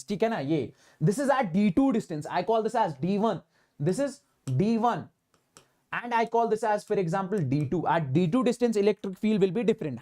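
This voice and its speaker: With a high-pitched yet darkish voice, an Indian physics teacher runs an online lecture for exam students. He speaks emphatically, repeating key phrases to push the class along each step, and slips Hindi words into his English as he works through problems.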